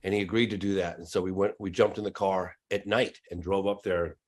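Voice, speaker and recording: A man's voice: sits low, fairly even intonation, a little fast. A man who is a documentary filmmaker, talking as a guest in a casual podcast interview with emphatic, insistent stress on his words.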